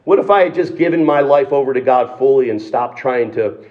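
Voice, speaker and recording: A man's voice: medium pitch, expressive, fairly quick, dull audio. A man in the role of a pastor, delivering a sermon in an emphatic, conversational way, with rhetorical questions and frequent restarts.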